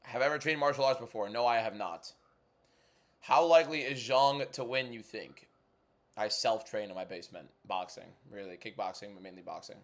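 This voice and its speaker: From home, a young man hosts a fight-night watchalong livestream, reading viewer questions and giving frank, quick opinions in casual chat. His voice is lowish.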